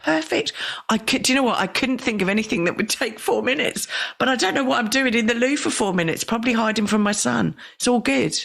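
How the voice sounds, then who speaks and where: A woman's voice: fairly high pitch, lively intonation, fast, gravelly, a bit bright. A woman hosting a podcast, chatting playfully and laughing often, a self-described big talker. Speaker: podcast host. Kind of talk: casual podcast conversation.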